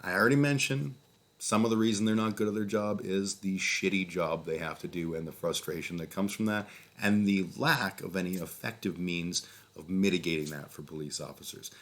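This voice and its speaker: A man in his thirties from Calgary telling a personal story as a vlogger in a casual monologue, profane and sardonic, with sudden loud outbursts. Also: low voice. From Calgary, Canada.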